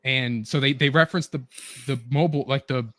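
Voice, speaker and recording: A man's voice: medium pitch, steady tone, a little fast, fairly bright tone, no echo. A man hosting a casual chat with friends, telling things eagerly in a rambling way, full of fillers. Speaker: show host.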